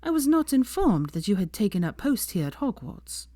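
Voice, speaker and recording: A woman's voice: medium pitch, big pitch swings, moderate pace, mellow, dry recording, voice pushed up. Cool haughty noblewoman, read by a woman. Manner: cool, impatient.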